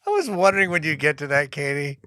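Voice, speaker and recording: A man's voice: fairly high pitch, sing-song, quick pace, bright, forceful tone, smooth, no echo. A man co-hosting a casual podcast chat, making a dry aside. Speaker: podcast co-host.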